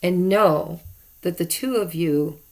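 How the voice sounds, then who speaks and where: Slow, gravelly-voiced woman reading tarot. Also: on the low side. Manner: chatty, repeats herself for emphasis. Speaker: tarot reader. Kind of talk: casual tarot reading to camera.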